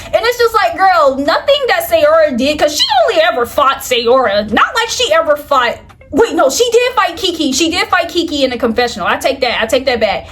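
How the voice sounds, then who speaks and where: A woman's voice: sits high, very animated, fairly quick, a bit bright. A young woman, chatting casually about a reality show with frequent "like, girl" asides. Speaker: reality TV commentator. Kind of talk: casual commentary vlog.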